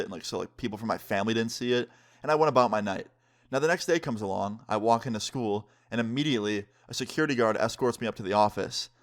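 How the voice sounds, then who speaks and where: Laid-back young man telling a story. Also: lowish voice. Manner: laid-back, swears freely, acts out the quotes. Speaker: vlogger. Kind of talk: casual story time.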